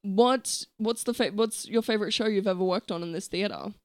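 A woman's voice: mid-range voice, fairly quick, darkish tone, no echo. A woman hosting a comedy podcast, doing improv banter in a theatrical, mock-posh manner.

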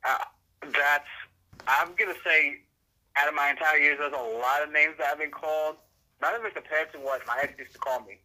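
A man's voice: on the high side, steady tone, brisk, sharp tone, rough recording. A man in casual podcast chat, candid and wry with a cynical streak.

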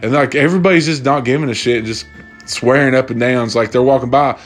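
A man's voice: medium pitch, fast, soft background music. A young man hosting a casual solo podcast, rambling and swearing freely as he retells stories. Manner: profane, rambling, loose storytelling. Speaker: podcast host.

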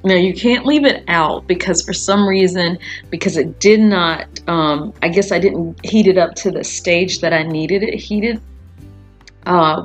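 A woman hosting her own podcast, chatting casually and rambling, with frequent fillers and laughs. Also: on the low side. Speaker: podcast host. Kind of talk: casual solo podcast chat.

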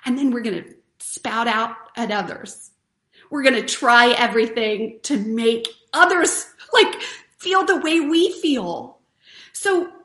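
Woman, high voice, earnest, chatty, live-stream host, motivational talk, echoey room. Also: fairly bright tone. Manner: earnest, chatty, reads viewer comments. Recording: roomy echo.

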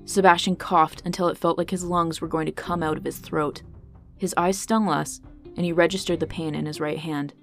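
A woman's voice: low-pitched, fairly even intonation, normal speed, creaky. A woman narrating a fantasy story podcast in a dramatic, tense storytelling manner. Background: faint guitar music.

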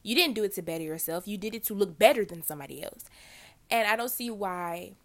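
A woman's voice: mid-range voice, lively intonation, fast. A teenage girl hosting her own podcast, a little congested, talking casually with many fillers and self-corrections. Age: teens. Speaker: podcast host.

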